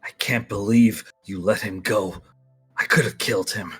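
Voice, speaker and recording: A man voicing a fiercely protective, brooding non-human male companion in a low, menacing tone. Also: steady tone, moderate pace, a bit bright, husky, faint music behind. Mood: bitter.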